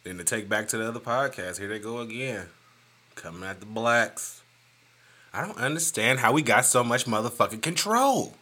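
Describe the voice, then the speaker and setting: A man hosting a casual solo podcast, ranting in an animated, profane, joking way. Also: mid-range voice, moderate pace. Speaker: podcast host.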